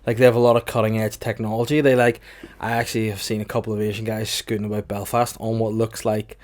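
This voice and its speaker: A man hosts a casual comedy podcast in a somewhat low voice. He delivers absurd jokes in a deadpan, meandering way, padding his sentences with fillers. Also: fast. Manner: deadpan and rambling, full of fillers. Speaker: podcast host.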